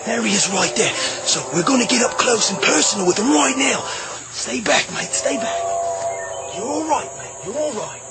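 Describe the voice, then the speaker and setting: An actor playing an excitable Australian male wildlife showman, shouting breathlessly in a comedy skit. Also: sits high, normal speed. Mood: excited. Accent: Australian (impression). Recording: loud music under the voice.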